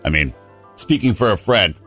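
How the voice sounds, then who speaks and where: A radio co-host with a low, deep voice trades dry, teasing remarks in relaxed banter. Faint music sits underneath him. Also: male voice, moderate pace.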